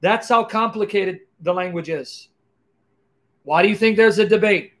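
An emphatic man with a very high-pitched voice teaches scripture to his viewers. He fires off rhetorical questions and punches his points home with sharp exclamations. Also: moderate pace. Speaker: Christian apologist. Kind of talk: animated teaching monologue.

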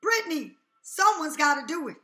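A woman's voice: high voice, very animated, normal speed, pushed and bright, reverberant. A woman giving a casual tarot reading, talking emphatically, repeating herself and checking in with "okay?" often. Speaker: tarot reader.

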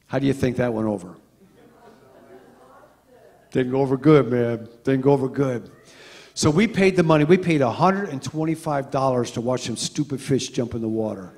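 Middle-aged male pastor, gravelly, storytelling sermon that swings loud to quiet, long church echo. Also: on the high side. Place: church sanctuary.

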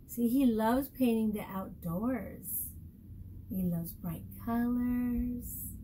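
A woman teacher reads a picture book to small children at a slow, careful pace, her voice sitting a little high. She keeps pausing to ask them questions in an animated, coaxing way. A faint hiss of background noise sits under her voice. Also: poor audio.

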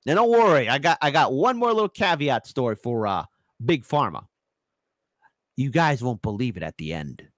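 A man hosting a ranting political commentary show, sarcastic and animated, with mocking asides. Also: medium pitch, normal speed, no room sound.

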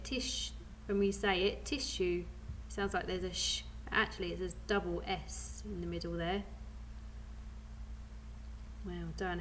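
A woman's voice: medium pitch, a bit bright, a little hiss or hum. A woman with a British accent teaching a phonics lesson to young children, patiently sounding out words letter by letter. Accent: British English. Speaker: primary school teacher.

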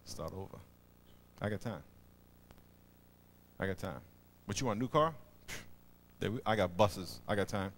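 A patient God speaks slowly and calmly, in no hurry at all, as a man acts him out. The voice is soft and a touch low, set inside a sermon. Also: a little hiss or hum.

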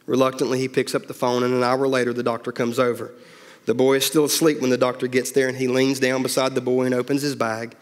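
A man's voice: medium pitch, little pitch movement, fast talker, in a large hall. A male pastor telling a story as part of a sermon, acting out each character's lines.

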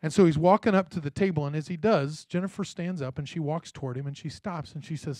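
A pastor delivers his sermon in a friendly, storytelling way and keeps turning to his listeners for a reply. He is a man whose voice sits a bit higher than most, and it is heard close and dry. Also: fast talker, dark tone, no room sound. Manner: conversational storytelling, checks in with the congregation. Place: church.

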